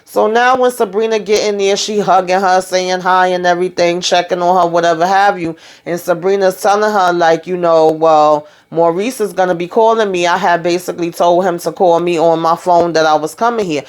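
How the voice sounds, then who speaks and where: A woman's voice: lowish voice, fairly even intonation, brisk, few pauses. A woman hosting a casual TV recap, chatting loosely through the scenes and acting out the characters' lines as she retells them. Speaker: TV show recap host.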